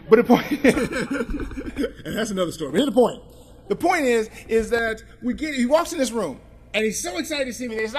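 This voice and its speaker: A male attorney telling a humorous story to an audience, with joking, animated asides. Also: sits high, brisk, a little hiss or hum. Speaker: attorney and speaker.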